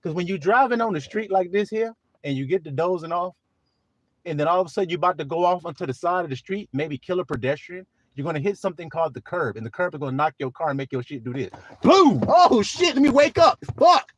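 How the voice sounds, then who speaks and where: A man preaching on a livestream, swinging from soft talk to shouting and drawing out scripture slowly. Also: a little high, dry recording. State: teary. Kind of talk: livestream sermon.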